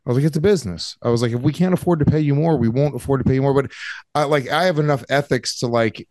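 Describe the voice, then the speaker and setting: A man talks fast and excitably, ribbing a friend with crude, casual language. His voice sits in the middle range, and the recording is dry and close. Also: medium pitch, no echo. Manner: excitable, profane, laughing teasing. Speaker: comedy podcast co-host. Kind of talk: casual chat.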